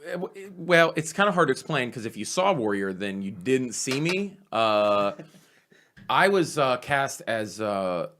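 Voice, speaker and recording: A comedian, telling stories in a casual podcast chat, animated and swearing freely. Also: male voice, mid-range voice, measured pace, slight background noise. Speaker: comedian guest.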